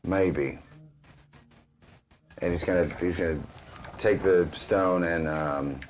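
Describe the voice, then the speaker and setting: A man's voice: deep voice, fairly even intonation, unhurried, slight background noise. A man playing a tabletop game, rambling and hesitant as he explains his character. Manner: rambling, hesitant, full of ums. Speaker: player.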